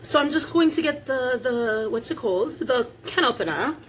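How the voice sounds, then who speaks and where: A woman's voice: sits high, expressive, normal speed, a little hiss or hum. Chatty young woman cooking at home. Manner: chatty, laughing, swears casually. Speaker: vlogger. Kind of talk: casual chat while cooking. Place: home kitchen.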